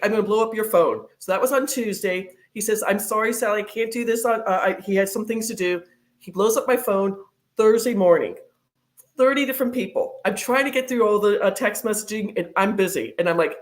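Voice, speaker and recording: A woman guest in a casual interview talks chattily, telling long stories. She speaks at a middling pitch, scattering fillers and restarts as she goes. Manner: chatty storyteller, many fillers.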